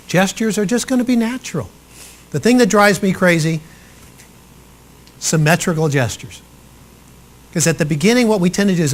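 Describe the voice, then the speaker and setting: Animated male speaking coach, lively pitch. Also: normal speed, pauses often. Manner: animated and expressive, acts out quotes; swings from loud to soft for emphasis. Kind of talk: live workshop talk to trainees.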